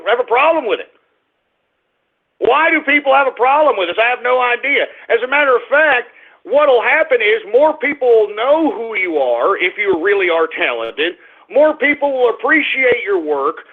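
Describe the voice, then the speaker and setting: A man's voice: very high voice, expressive, moderate pace. A man hosting a call-in radio show, ranting and repeating himself as he scolds his crying dog on air. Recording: tinny phone-like radio stream.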